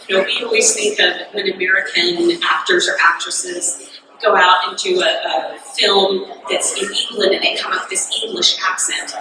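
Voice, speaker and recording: An upbeat woman moderates a convention panel, talking to the crowd with a very animated, swooping delivery. The sound is distant and drenched in long hall reverb with crowd noise underneath. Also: mid-range voice. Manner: upbeat, lively, addresses the crowd. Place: large convention hall stage. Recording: echoey hall, far from mic, noisy.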